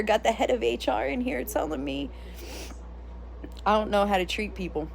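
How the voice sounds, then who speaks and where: A woman vlogger telling a story in a casual, animated rant, blunt and sometimes profane. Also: lowish voice, gravelly, slight background noise.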